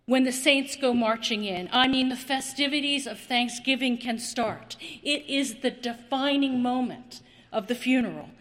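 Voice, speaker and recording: A woman preaching a sermon, slow and dramatic, with long pauses and repeated words. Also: a little high, a bit bright, long reverb tail.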